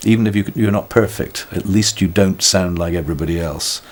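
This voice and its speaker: A man's voice: low voice, fairly quick, a little mellow. An older British man talking thoughtfully in an interview, wry and self-mocking, often restarting his sentences. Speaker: musician being interviewed. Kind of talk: reflective conversational interview.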